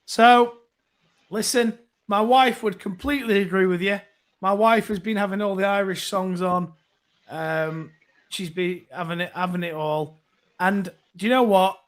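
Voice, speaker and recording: A chatty man with a rather high voice hosts a casual live phone-in. He rambles along as he reads out viewer comments, filling gaps with ums and asides. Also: unhurried. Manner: chatty and rambling, many fillers. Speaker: host reading viewer comments.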